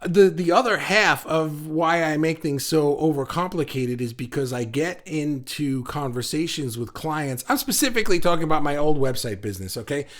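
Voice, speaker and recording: A man's voice: fairly high pitch, lively intonation, normal speed, hardly any pauses. A man hosting an online art group livestream, chatting casually and encouragingly as he reads viewer comments, often restarting his sentences. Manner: encouraging, talks in loose restarts and repeated words.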